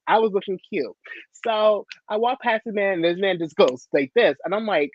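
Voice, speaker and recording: A woman on a video call telling a story in a sassy, animated way, laughing often. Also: medium pitch, moderate pace, lo-fi sound. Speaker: panelist. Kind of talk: casual storytelling.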